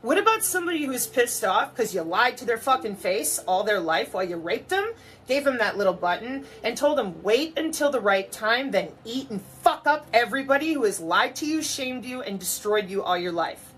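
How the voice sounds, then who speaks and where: A woman with a fairly high voice rants to camera in a sarcastic, mocking tone, sprinkling in profanity. A faint background hiss sits under her voice. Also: lively intonation, normal speed, fairly bright tone. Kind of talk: ranting monologue.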